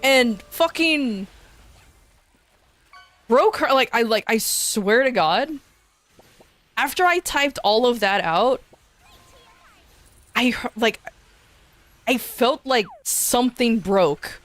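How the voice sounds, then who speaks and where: A woman's voice: on the high side, expressive, slow, long pauses, a bit bright. A woman streamer telling a rambling story in a casual chat, swearing and restarting often.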